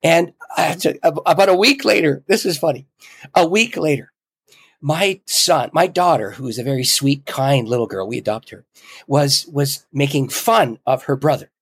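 A middle-aged man, a podcast guest, telling a story in an animated way with frequent chuckles. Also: on the high side, normal speed, husky, no room sound. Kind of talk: casual storytelling in an interview.

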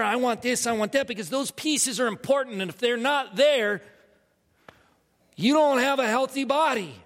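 A middle-aged male pastor preaching a sermon with animated delivery, laughing asides and repeated words. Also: very high voice, long reverb tail.

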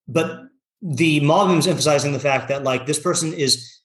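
A man's voice: on the high side, moderate pace, echoey room. A man teaching a casual Torah lesson, talking in a loose conversational way full of "like" and "you know", reading Hebrew passages aloud and translating them.

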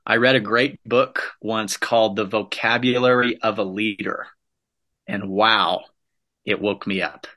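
Forceful, bright-voiced motivational speaker man. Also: fairly low pitch, steady tone, measured pace. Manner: emphatic, punchy repetitive phrasing. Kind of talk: motivational talk.

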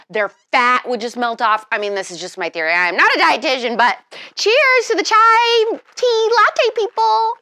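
A young woman hosting a chatty pop culture show, talking fast and bubbly with lots of fillers, into a close mic. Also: medium pitch, pushed and bright, no echo. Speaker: host.

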